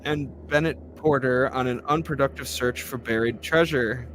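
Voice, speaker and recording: A man's voice: medium pitch, normal speed, a bit bright. Guy reading a ghost story on a podcast, keeps swearing and laughing at it, bit of noise in the background. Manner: profane, laughing asides. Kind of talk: casual chat, reading aloud with asides.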